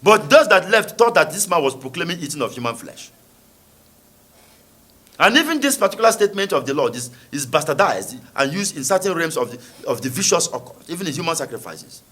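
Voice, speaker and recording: A man's voice: on the high side, sing-song, brisk, bright, forceful tone, slightly rough. A man preaching a sermon, reading scripture aloud and then expounding it with emphatic rhetorical questions. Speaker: preacher and author.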